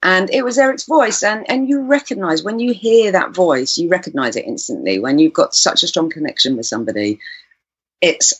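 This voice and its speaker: A woman's voice: on the low side, animated, brisk, slightly rough, dry recording, dull audio. A woman guest telling a personal story in an interview, earnest and searching for her words. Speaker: guest, composer and musician.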